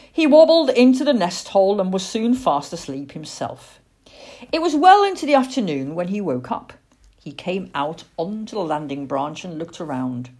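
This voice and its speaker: A woman reading a children's storybook aloud, expressive, with little asides. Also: fairly low pitch. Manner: expressive and warm-paced, with asides.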